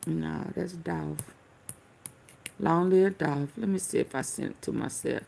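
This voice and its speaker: A woman's voice: low voice, unhurried, creaky, darkish tone. A woman hosting casual commentary, rambling straight to her viewers and swearing as she hunts for clips to react to. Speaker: commentary channel host.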